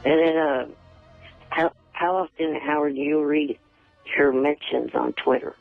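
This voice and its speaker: A man calling in to a radio show. He talks haltingly, repeating words as he goes. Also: a little high, steady tone, gravelly, dry recording, soft background music. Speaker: caller. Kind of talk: phone-in radio chat. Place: on a phone call. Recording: tinny phone line.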